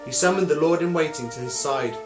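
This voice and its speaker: A man, a music teacher, telling a story in a calm, measured way. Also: fairly high pitch. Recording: roomy, with music behind.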